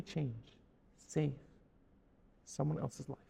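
Gravelly man preaching in a reverberant hall. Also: on the high side, steady tone, measured pace, pauses often. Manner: dramatic, swings from hushed to emphatic. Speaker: Torah teacher. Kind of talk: storytelling sermon.

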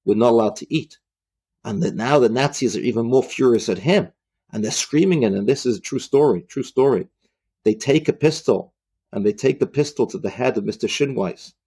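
A man retelling a religious story in a halting way, often repeating himself. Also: mid-range voice, expressive, mellow, husky.

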